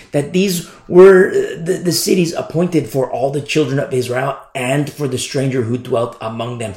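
A man's voice: medium pitch, darkish tone, echoey room. A man preaching a sermon in an emphatic way, repeating phrases and often asking "you see?".

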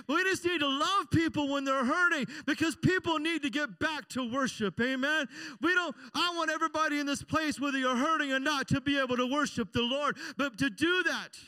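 High-voiced pastor preaching, bright and clear. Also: male voice, no echo. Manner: conversational preaching, frequent call-and-response "amen?". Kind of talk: sermon.

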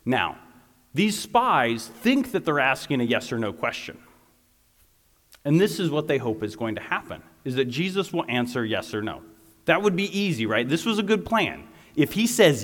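Animated man preaching in an echoing hall. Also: mid-range voice, normal speed. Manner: animated and conversational, with many asides to listeners. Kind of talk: lively sermon.

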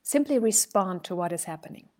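A woman voice and speech coach talking casually, telling a story and shifting her loudness to illustrate her points. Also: mid-range voice, animated, a little fast. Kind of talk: conversational coaching talk.

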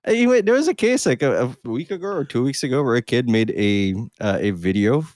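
Animated young man hosting a casual podcast. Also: medium pitch, dry recording, studio quality. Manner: animated, jokey, quick to laugh. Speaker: podcast host. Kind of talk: casual chat.

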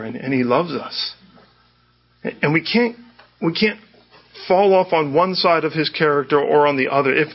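A man's voice: on the high side, slightly rough. A male pastor giving an earnest sermon, often repeating words as he restarts. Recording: dull lo-fi sermon recording.

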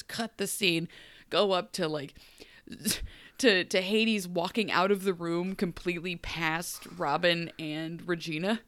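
An animated woman co-hosting a podcast, recapping a TV episode in loose, casual chat. She laughs easily and jumps into high little character voices. Her voice sounds dry and close, with no room around it. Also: unhurried, no echo. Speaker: podcast co-host.

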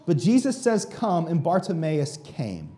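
A man's voice: on the high side, wildly swooping pitch, measured pace, mellow. A man preaching a sermon with emphatic delivery, speaking directly to the congregation and leading them along. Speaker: pastor.

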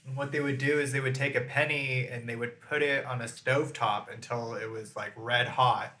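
Man, podcast co-host, deadpan storytelling, bright forceful voice, echoey room. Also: mid-range voice, moderate pace. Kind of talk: casual chat.

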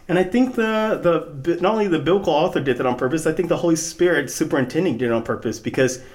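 A man co-hosts a relaxed Bible study conversation, his voice sitting a little on the high side. He is animated, laughs easily, and slips into dramatic readings of scripture. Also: quick pace. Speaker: co-host of a Bible study show. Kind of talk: casual Bible study discussion.

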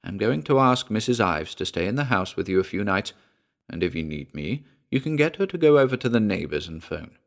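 A man's voice: on the low side, very animated, fairly quick, creaky. A man voicing a soothing country doctor. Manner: soothing, reasonable. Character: calm, reassuring small-town doctor, middle-aged man.

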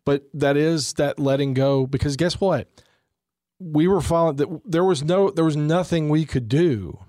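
A man's voice: fairly high pitch, moderate pace, mellow, no echo. Earnest reflective man, dry sound. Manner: earnest, reflective, repeats words when starting. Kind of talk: faith discussion conversation.

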